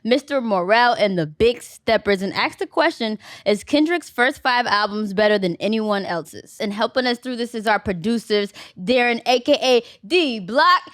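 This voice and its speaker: Lively female podcast co-host, dry sound. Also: mid-range voice, moderate pace, hardly any pauses, dry recording. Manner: lively, laughing banter. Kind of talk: casual podcast conversation.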